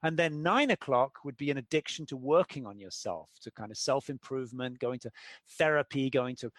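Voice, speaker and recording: A man's voice: mid-range voice, a little fast, dry recording. A middle-aged man explaining his ideas as an interview guest, telling stories and acting out the people in them. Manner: animated storyteller, acts out quoted characters.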